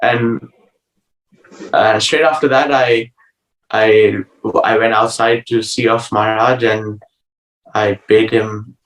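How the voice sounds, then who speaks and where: Halting, earnest man in a roomy space. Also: fairly low pitch, level tone, a bit bright. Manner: hesitant and earnest, many pauses and restarts. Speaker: interview guest. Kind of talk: personal spiritual story, conversational. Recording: roomy sound from a distant mic.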